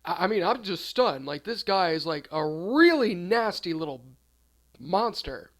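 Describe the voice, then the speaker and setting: A man's voice: high-pitched, a little slow. A man telling an absurd comedic storytime in a rambling, offhand way. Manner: rambling, deadpan absurd, trailing off. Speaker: storyteller, channel host.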